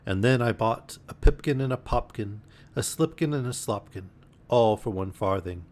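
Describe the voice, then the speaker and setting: A man's voice: lowish voice, moderate pace, darkish tone, lightly acted. A man voicing a chorus of tiny cheeky mice that chant their songs in a sing-song way. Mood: singsong.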